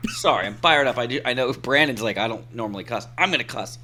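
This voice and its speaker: A young man co-hosting a casual podcast, his voice bright and pushing forward. He gets fired up and swears freely, running through his points in quick, animated bursts. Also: mid-range voice, a little hiss or hum. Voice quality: excitable, profane, fast bursts. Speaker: podcast co-host. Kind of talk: casual chat.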